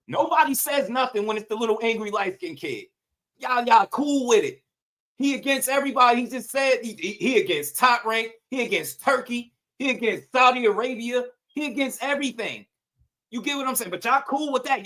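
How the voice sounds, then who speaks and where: A man's voice: extremely high pitch, moderate pace, a bit bright. A man hosting casual boxing commentary, ranting with profanity, slang and rhetorical questions.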